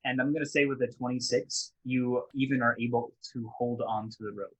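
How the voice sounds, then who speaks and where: A man's voice: mid-range voice, steady tone, a little fast, slightly rough, poor audio. A man narrating a tabletop game as game master, in a loose, casual way with lots of restarts.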